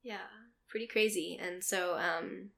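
A woman's voice: lowish voice, steady tone, a little slow, vocal fry, crowd noise. A young woman in casual chat, telling a story, laughing often and trailing off with ums.

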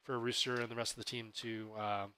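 A man co-hosting a podcast, chatting casually about tabletop gaming in a relaxed, explanatory way. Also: medium pitch, fairly quick, clear, resonant tone. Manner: relaxed, explanatory, self-correcting. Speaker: podcast co-host.

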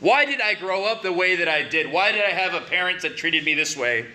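Male preacher, bright and higher-pitched, conversational sermon delivery with emphatic rises. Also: expressive, brisk. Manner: conversational, rising to emphatic questions.

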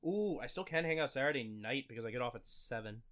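A man's voice: mid-range voice, lively intonation, a bit bright, dry recording, clean studio sound. A man in his twenties in casual chat, blunt and teasing, with casual swearing. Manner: fast, blunt, profane, teasing.

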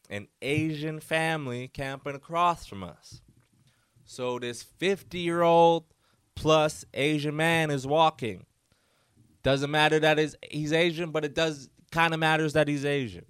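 A man hosts his podcast alone, telling a rambling story in a casual, animated way. His voice is smooth and clear, recorded dry and close with no room sound. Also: mid-range voice, no echo. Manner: animated, loose storytelling full of fillers and quoted voices. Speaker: podcast host.

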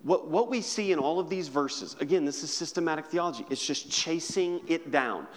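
A male pastor preaching a sermon, swinging between loud, emphatic stretches and hushed, quiet ones. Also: fairly high pitch, animated, normal speed, long reverb tail.

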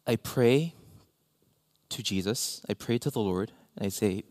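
A man preaching a sermon as pastor, animated, with self-deprecating asides and sudden drops to near-whispers. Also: mid-range voice, slow, long pauses, dry recording, studio quality.

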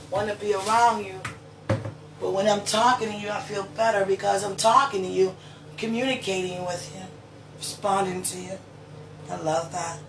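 Affectionate, playful speaker in a roomy kitchen. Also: medium pitch. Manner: affectionate, playful, laughs often. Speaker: person talking to a loved one. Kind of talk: casual one-sided chat. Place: home kitchen. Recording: roomy sound from a distant mic with faint background noise.

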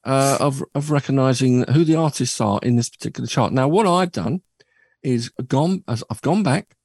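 A man hosting a casual radio show, his voice sitting at an ordinary middle pitch. He banters and jokes in a loose, rambling way with plenty of filler words. The studio sound is dry and close, with no room echo. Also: moderate pace, a little mellow, breathy edge. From United Kingdom. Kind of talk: casual banter between co-hosts.

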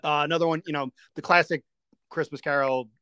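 A man's voice: fairly high pitch, fairly even intonation, fairly quick, sharp tone, clear, resonant tone, no room sound. Casting: man, podcast host, earnest and detailed, dry close sound. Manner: earnest, recounts scenes in detail. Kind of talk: casual chat.

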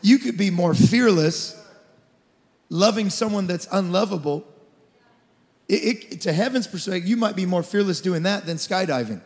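A man in his forties preaching a sermon as lead pastor, passionate, swinging from shouted declarations to quiet storytelling. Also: high voice, animated, moderate pace. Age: 40s. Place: church auditorium. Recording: church hall reverb.

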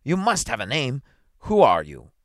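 A man's voice: medium pitch, huge pitch swings, normal speed, no echo, studio quality. A man voicing a severe, impatient town magistrate questioning a prisoner, in a storybook reading. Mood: stern. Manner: brusque, severe, scolding.

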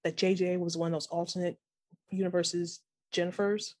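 A woman's voice: lowish voice, normal speed. A woman co-hosting a podcast, chatting casually and retelling a show's plot with lots of laughter. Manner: giggly, animated storytelling. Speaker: podcast co-host. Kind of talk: casual recap chat.

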